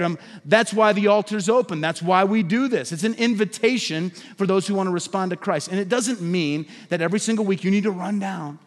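High-voiced preacher in a reverberant church. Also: male voice, fairly quick, hardly any pauses. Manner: preaching with swelling emphasis and sudden drops to a hush. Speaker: pastor. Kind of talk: sermon. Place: church sanctuary. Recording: long hall reverb.

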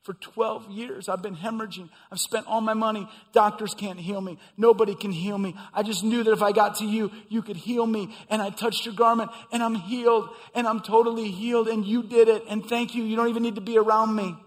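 A man voicing a trembling, grateful woman as she pours out her story in a soft, breathless rush, in a sermon. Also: high voice, fairly even intonation, a little fast, few pauses, long reverb tail, voice pushed up, lightly acted.

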